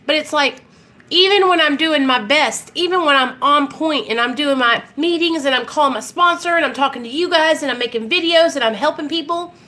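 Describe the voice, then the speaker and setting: A woman's voice: sits high, fairly quick, bright, forceful tone. A young woman from Arkansas, speaking candidly and emotionally to viewers on a casual live stream about her recovery. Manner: emotional, candid, talks to viewers directly with frequent fillers and swearing.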